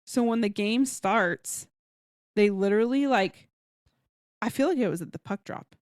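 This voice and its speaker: A woman co-hosting a book podcast, casually retelling a romance plot with lively acted-out quotes and some swearing. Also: mid-range voice, unhurried, clear, resonant tone, no room sound, studio quality. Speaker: podcast co-host. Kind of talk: casual book review chat.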